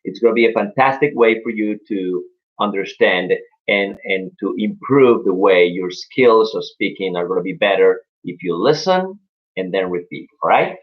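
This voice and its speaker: A man's voice: low-pitched, lively intonation, normal speed, lo-fi sound. Upbeat man teaching English. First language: Spanish. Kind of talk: live-streamed English lesson.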